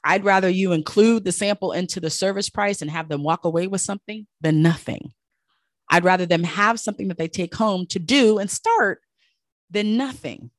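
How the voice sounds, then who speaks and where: A woman speaks in a relaxed podcast monologue, pressing her points with emphatic repetition. Her voice sits in a middle pitch, and the sound is close and dry with no room around it. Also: moderate pace, no echo. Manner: emphatic and conversational, repeats points for stress. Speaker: esthetician and business coach.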